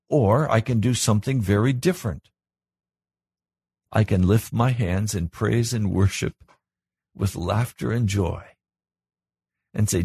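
Husky-voiced man preaching a sermon. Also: a little slow, pauses often, mellow, no room sound. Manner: earnest, rises in pitch and volume when stressing a point. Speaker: pastor.

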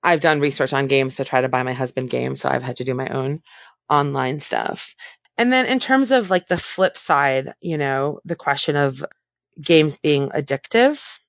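A woman therapist answering interview questions in a thoughtful way, often pausing and correcting herself. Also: extremely low pitch, creaky, no echo, studio quality. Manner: thoughtful, self-correcting, many fillers.

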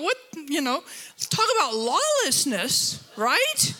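Bright, lively woman preaching. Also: extremely high pitch, unhurried. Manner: lively, self-deprecating storytelling with humor. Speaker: guest preacher. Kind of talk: sermon. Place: church auditorium.

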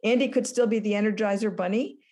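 Mellow-voiced older woman telling stories. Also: mid-range voice, fast talker. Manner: animated storyteller, acts out dialogue. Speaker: guest, former business school lecturer. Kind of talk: storytelling in an interview.

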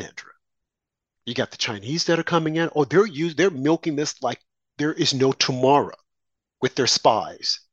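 An indignant man delivers heated, sarcastic commentary, his pitch swinging widely as he pushes his points. The sound is dull and dry, like a lo-fi recording. He sits on the higher side of the usual male range. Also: no echo. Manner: indignant, sarcastic, rising to shouts.

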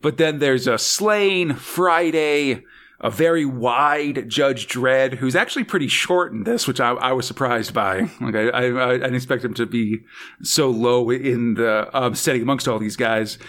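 A man's voice: mid-range voice, unhurried, fairly bright tone. A man hosting a casual podcast chat, rambling and hesitant, with lots of fillers and small laughs. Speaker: podcast host.

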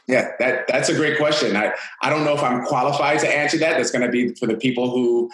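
A man's voice: mid-range voice, fairly quick, a bit bright, reverberant, poor audio. A man who works as a fitness coach, giving upbeat, motivational answers in an interview. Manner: upbeat, motivational, talks in long flowing runs. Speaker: fitness coach, podcast guest.

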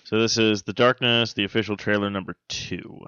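A man hosting a casual podcast, joking and crude, often pausing with "uh" and "um". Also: lowish voice, steady tone, pushed and bright, clear, resonant tone, dry recording, muffled recording. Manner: joking, crude, fills pauses with "uh" and "um". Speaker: podcast host. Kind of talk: casual chat.

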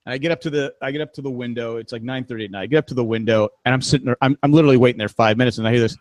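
A man's voice: medium pitch, racing, a little mellow, dry recording. A middle-aged man hosting a casual podcast, telling stories with laughs and acting out what other people said. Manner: storytelling with laughs, acts out quoted voices. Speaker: podcast host.

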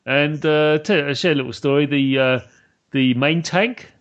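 This British podcast host has a slightly high voice and talks at a normal speed in a lo-fi recording. He keeps the interview casual, chatty and upbeat, with frequent laughter.

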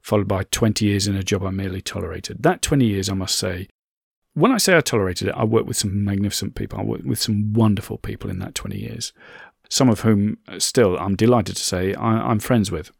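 A man's voice: on the low side, fairly quick, gravelly, breathy edge, dry recording, studio quality. A middle-aged man hosts a podcast. He talks earnestly and conversationally and repeats phrases for emphasis. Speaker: podcast host. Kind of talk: reflective motivational monologue.

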